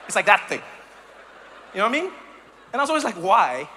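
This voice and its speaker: South african guy doing standup, high bright voice, faint crowd hum behind. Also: quick pace. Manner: animated, acts out voices and sounds. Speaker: stand-up comedian. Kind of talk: stand-up comedy. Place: live comedy venue.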